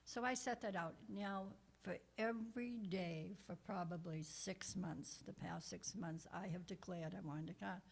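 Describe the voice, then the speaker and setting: An older woman, a guest minister, telling a personal story in a conversational sermon, with soft asides and frequent restarts. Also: lowish voice, fairly even intonation, a little slow, vocal fry, hardly any pauses, a little hiss or hum. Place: church.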